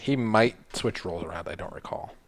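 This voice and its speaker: A man's voice: fairly low pitch, fairly quick. A man playing a streamed board game, chatting about moves in a laid-back, offhand way. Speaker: player. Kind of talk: casual board game play over a stream.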